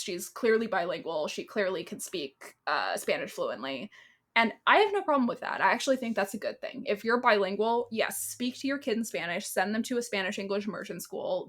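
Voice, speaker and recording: A woman co-hosting a podcast, chatting casually in an animated rant full of "like". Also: mid-range voice. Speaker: podcast co-host. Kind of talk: casual chat.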